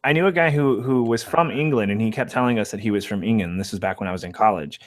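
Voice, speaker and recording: A man's voice: on the low side, fast. A man in a casual online chat, brash, crude and teasing.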